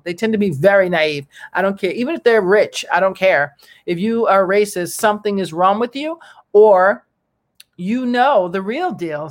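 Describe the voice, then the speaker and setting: A person delivering a casual opinion monologue to viewers, animated and exclamatory, with slangy asides and lots of fillers. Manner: animated, slangy and exclamatory, with big pitch jumps.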